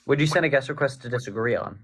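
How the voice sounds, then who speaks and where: A man's voice: mid-range voice, husky. An American man hosting a live online debate, blunt and dismissive, often cutting his guests off. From United States. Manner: blunt, dismissive, quick to cut in. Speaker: livestream debate host.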